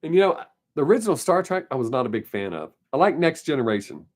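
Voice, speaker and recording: A man's voice: on the high side, big pitch swings, fast. A man hosting his weekly live stream, chatting casually and answering viewer comments in a rambling, opinionated way. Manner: rambling, opinionated, laughs often.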